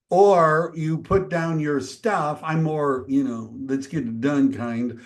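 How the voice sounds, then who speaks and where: Conversational man coaching agents. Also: a little high. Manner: conversational, acts out dialogues. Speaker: real estate trainer. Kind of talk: training talk.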